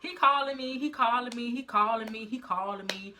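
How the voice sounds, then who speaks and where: A young woman telling a story in a casual vlog, animated and full of slang. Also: fairly high pitch, a little fast, background noise. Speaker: vlogger.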